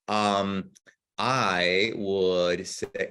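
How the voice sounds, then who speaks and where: A man co-hosting a podcast in casual chat, excitable and quick to swear, acting out his own reactions. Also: lowish voice, slight background noise. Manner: excitable, rapid bursts, swears, acts out yelling. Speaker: podcast co-host.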